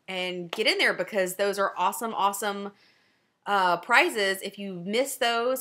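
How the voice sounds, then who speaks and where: Woman, forties, Southern Louisiana accent, fast casual chat, bright voice, laughs a lot. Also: mid-range voice. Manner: fast-talking, laughs often. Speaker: knitting podcast host.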